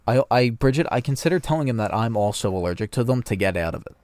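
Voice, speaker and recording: A man's voice: mid-range voice, animated, fast talker, a little mellow, dry recording, studio quality. A man co-hosting a podcast, telling a rambling anecdote in casual chat and swearing a lot. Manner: rambling storytelling, frequent swearing. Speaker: podcast co-host.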